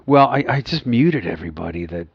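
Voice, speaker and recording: A man's voice: medium pitch, sing-song, brisk, creaky, husky, no echo, lo-fi sound. A man in his fifties, a podcast co-host, chatting casually and rambling with many restarts. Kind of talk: casual chat.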